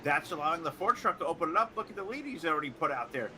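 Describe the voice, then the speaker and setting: Sardonic male race commentator, slightly high. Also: expressive, very fast, background noise. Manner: joking, sardonic banter. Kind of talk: play-by-play sim racing commentary.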